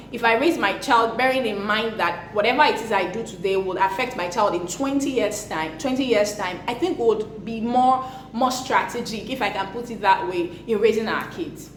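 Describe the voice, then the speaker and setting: A young woman, a parenting vlogger, talking to camera about discipline in an earnest, emphatic way. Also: on the high side. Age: young adult. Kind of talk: casual talk to camera. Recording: echoey room with faint noise.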